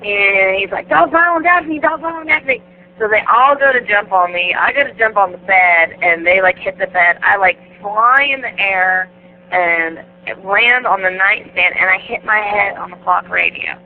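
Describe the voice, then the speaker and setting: Animated woman telling stories over the phone. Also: medium pitch, moderate pace. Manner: animated, laughing, acts out the voices in her stories. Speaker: guest wrestler. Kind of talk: casual storytelling interview. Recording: tinny phone line, faint hiss.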